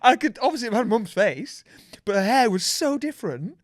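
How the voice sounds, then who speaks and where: A man's voice: extremely high pitch, sing-song, a little fast, dry recording, studio quality. A man, co-hosting a podcast in casual chat, speaking reflectively and restarting his sentences. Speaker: podcast co-host.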